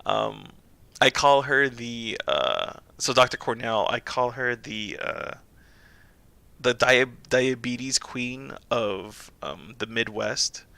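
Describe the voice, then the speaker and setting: Young male streamer, loose rambly storyteller, very bright tone with gravel. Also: mid-range voice, lively intonation, slow pace, no echo. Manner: rambling, self-interrupting storyteller who laughs often. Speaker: streamer and pharmacist. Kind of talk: casual chat while livestreaming a game.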